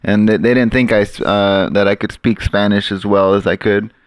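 A man telling a personal anecdote in a relaxed group chat. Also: lowish voice, moderate pace, smooth, dry recording. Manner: easygoing, laughing storyteller. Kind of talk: casual anecdote.

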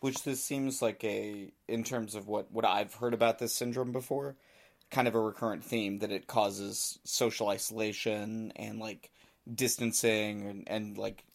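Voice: mid-range voice, fairly even intonation, unhurried, gravelly. A podcast co-host thinking aloud in casual conversation, hesitant and speculative.

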